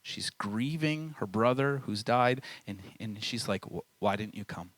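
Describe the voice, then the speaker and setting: A man's voice: lowish voice, animated, unhurried, a bit bright, no echo, low-quality recording. Casual storytelling man preaching. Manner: casual storytelling, acts out quoted voices. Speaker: camp speaker. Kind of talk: sermon.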